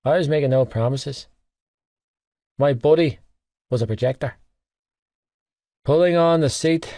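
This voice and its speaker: A man reading a first-person novel aloud in a wry, even storytelling manner. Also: medium pitch, dry recording, clean studio sound. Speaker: audiobook narrator.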